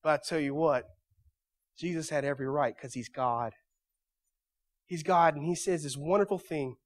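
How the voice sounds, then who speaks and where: A male pastor delivering a sermon in a church, moving from quiet storytelling to loud, emphatic preaching. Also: fairly high pitch, moderate pace.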